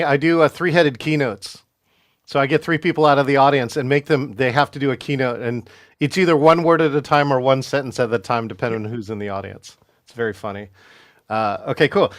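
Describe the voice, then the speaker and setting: An energetic man hosts a podcast interview, upbeat and full of fillers and quick restarts. His voice sits a little high, and the recording is dry with no room sound. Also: no room sound. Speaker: podcast host. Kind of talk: animated podcast interview hosting.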